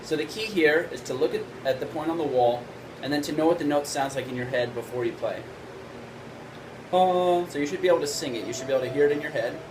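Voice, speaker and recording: Casting note: male trumpet teacher, mid-pitched, easygoing explainer, steady air conditioning hum behind. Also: fast. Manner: relaxed explaining, frequent "right?" checks. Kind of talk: instructional video lesson.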